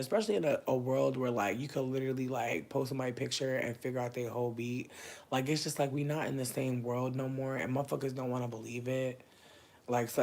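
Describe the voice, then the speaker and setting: Brief: thirties man, livestream host, mid-pitched, casual and profane, volume jumps from hushed to loud. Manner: expressive, swinging between loud bursts and low murmurs; profane, slangy, chatty.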